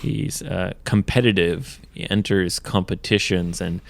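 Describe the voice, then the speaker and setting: A man hosting a podcast, chatting in a relaxed, teasing way with his guest. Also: low-pitched, measured pace, creaky. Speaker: podcast host. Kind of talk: casual chat.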